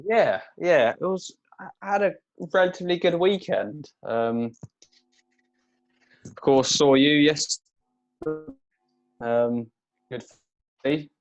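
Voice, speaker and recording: A man's voice: a little high, lively intonation, slow, pauses often, dull audio, soft background music. A young man, co-hosting a casual podcast, telling a story and chuckling along the way. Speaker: podcast co-host. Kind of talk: casual chat.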